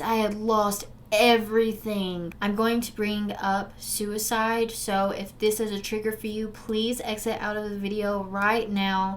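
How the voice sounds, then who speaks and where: A young woman speaks straight to her viewers in an earnest, emotional vlog. Her voice sits at a middle pitch and moves between forceful urging and soft, hushed recollection. A faint room hum sits behind her. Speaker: vlogger sharing a personal story. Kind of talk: candid direct-to-camera storytelling.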